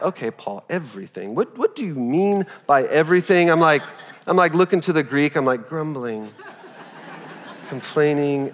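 A man in his thirties preaching a sermon as pastor, telling a story in a loose, animated, conversational way full of "like". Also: on the high side, in a large hall. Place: church auditorium.

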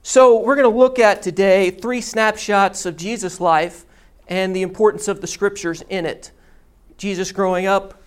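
In a smooth, mid-range voice, a pastor delivers a sermon. He teaches through a story, unfolding it deliberately.

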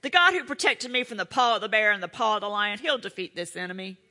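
A middle-aged woman delivers a sermon with a bright, forward voice. Her pitch swings widely as she drives her points home. She stays emphatic and breaks into playful asides to her listeners. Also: expressive, fast. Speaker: preacher.

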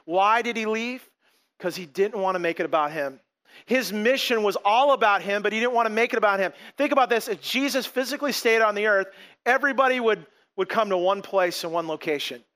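Man, pastor, sermon, high voice, lively conversational delivery. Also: fairly quick. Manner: animated, conversational preaching with acted quotes.

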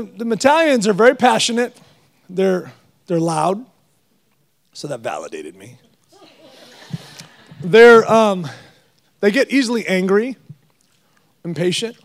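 High, gravelly-voiced man preaching a sermon. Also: unhurried, pauses often. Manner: animated, storytelling with jokes and laughs. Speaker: guest preacher.

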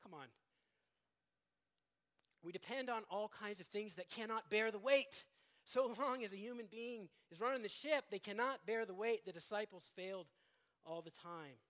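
A middle-aged male pastor preaching a sermon in an earnest manner, often restarting phrases and swinging from loud emphasis to quiet, low stretches. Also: normal speed.

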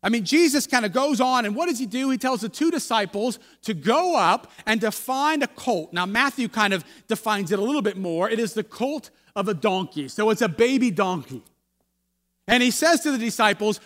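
A man preaching a sermon in a conversational, halting way, with frequent restarts. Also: high voice, lively intonation, a bit bright, long reverb tail. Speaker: pastor. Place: church.

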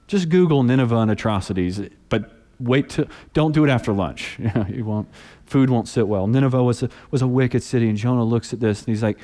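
A man's voice: mid-range voice, brisk, long reverb tail. A man in his thirties preaching a sermon, telling stories and acting out the people in them. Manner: storytelling, animated voices for quoted people. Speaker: pastor.

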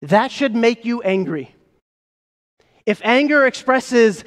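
A man's voice: very high-pitched, animated. Male pastor, sermon, emphatic and rhetorical, long hall reverb. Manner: emphatic, rhetorical questions, slows for key phrases.

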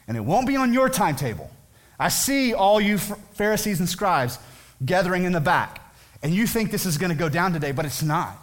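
A man putting on the voice of a calm, confident young male teacher who speaks with quiet conviction. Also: high-pitched, pitched above the performer's own voice, heavily acted.

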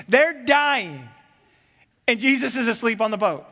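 Male pastor, high tenor, animated storyteller, sermon in a reverberant hall. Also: normal speed. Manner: animated storyteller, acts out quotes.

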